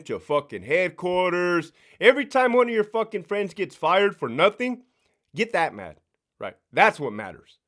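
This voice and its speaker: A man who used to be a prison sergeant talks straight to camera in a casual vlog rant, profane and blunt. His voice sits a little high and swings widely up and down as he pushes his points, stumbling over repeated words. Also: fairly bright tone.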